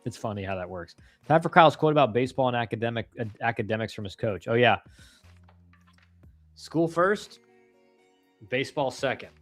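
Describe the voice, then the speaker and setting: A laid-back man chatting on his live stream, with a mid-range voice that is neither high nor low. His delivery rambles with slang and restarts. The sound is dry and close, with faint music underneath. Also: rapid-fire, fairly bright tone, no echo. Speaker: live-stream host, former college ballplayer. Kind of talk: casual live-stream chat answering viewer questions.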